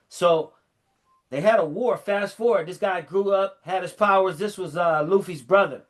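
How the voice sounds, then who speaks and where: A middle-aged man in casual chat, animatedly retelling a story and acting out the lines in a lower voice. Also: normal speed. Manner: animated storyteller, fillers and restarts, acts out quotes in a lower voice.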